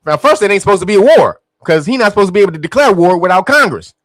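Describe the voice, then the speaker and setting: High-voiced man in profane, mocking commentary. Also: lively intonation, very fast, fairly bright tone. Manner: profane, mocking, laughs often, acts out voices. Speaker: commentary host. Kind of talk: casual political commentary.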